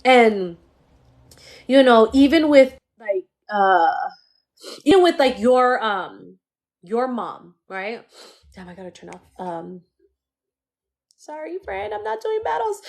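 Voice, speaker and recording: A woman's voice: fairly high pitch, expressive, takes it slowly, long pauses. A woman giving a live-stream psychic reading in a casual, slangy way, swearing freely, talking straight to the viewer and letting her feelings show. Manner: emotional, laughs often while reading. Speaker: psychic medium.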